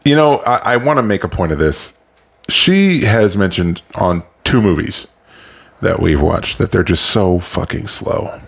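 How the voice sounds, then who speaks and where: A man with a notably low, deep voice, chatting casually as a podcast co-host. He rambles through his anecdotes, trips over restarts and drops curse words freely. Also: animated, a little slow, creaky. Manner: rambling storyteller, swears freely, restarts often. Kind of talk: casual chat.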